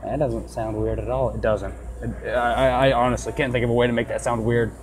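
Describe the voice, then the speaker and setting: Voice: mid-range voice, steady tone, a little fast. A let's play gamer giving joking, self-mocking commentary while reading game dialogue aloud. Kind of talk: casual gameplay commentary.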